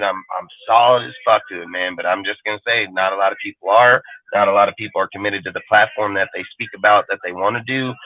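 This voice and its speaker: A man's voice: on the low side, no room sound. Profane ranting man on a tinny line. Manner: profane, blunt and emphatic. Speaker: fan show panelist. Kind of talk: heated live-stream rant. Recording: phone-quality line, dry sound.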